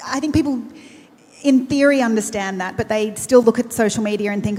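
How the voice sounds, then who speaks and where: A woman's voice: a little high, moderate pace, warm tone. A woman with an Australian accent, speaking earnestly and personally as a panelist, with frequent restarts. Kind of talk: conversational panel talk. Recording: long reverb of a large event hall.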